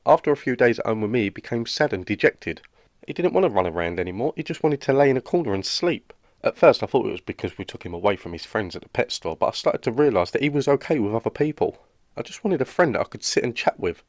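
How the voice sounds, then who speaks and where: A man's voice: medium pitch, big pitch swings, fast, no echo, studio quality. A man voicing a lonely, awkward young roommate in a cartoon, speaking with a British accent in an earnest, rambling way. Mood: glum. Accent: British English. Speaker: cartoon character. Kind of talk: animated comedy dialogue.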